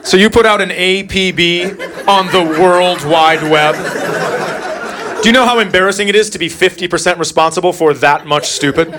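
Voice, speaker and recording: A man's voice: high-pitched, moderate pace, background noise. A middle-aged man doing stand-up, telling a story about his son in a dry, sarcastic way. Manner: deadpan, sarcastic. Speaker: stand-up comedian.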